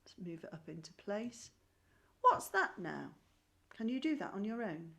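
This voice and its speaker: A woman's voice: medium pitch, sing-song, moderate pace, gravelly, fairly bright tone. A woman teaching a primary school music lesson online, patient and encouraging, clapping and chanting rhythm syllables. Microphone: screen-shared video call.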